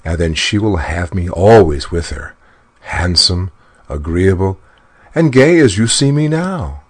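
A man's voice: deep voice, lively intonation, unhurried, slightly rough, heavily acted. A man reading a fairy tale aloud and voicing a smug, greedy little male dwarf with a sly, disdainful manner. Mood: boastful. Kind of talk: storybook narration.

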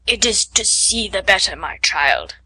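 A woman voicing a wicked male wolf who pretends to be a grandmother, speaking low and falsely soft. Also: very animated, a little slow, slightly rough, exaggerated voice. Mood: falsely sweet.

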